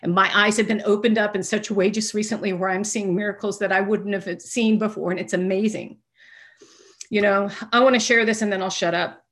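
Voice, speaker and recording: Earnest woman sharing her recovery testimony. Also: medium pitch. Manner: earnest and emphatic, with many restarts; drops to a hushed voice when retelling dialogue. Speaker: sober member sharing at a recovery meeting. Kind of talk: personal testimony share.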